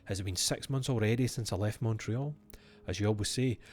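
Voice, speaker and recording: Low-voiced game streamer. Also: male voice, a little fast, a little mellow. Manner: wry asides and musing to himself between readings. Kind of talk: reading game letters aloud on a stream.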